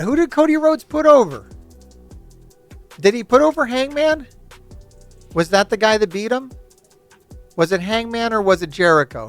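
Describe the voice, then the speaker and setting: This host speaks in a slightly high, somewhat bright voice as he rants casually and animatedly on his channel. He laughs a lot and keeps slipping into mocking impressions to push his opinions.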